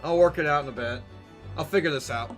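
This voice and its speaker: A man's voice: a little high, fast talker, over music. A man streaming a game live, chatting casually, swearing and laughing at himself. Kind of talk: live gameplay commentary.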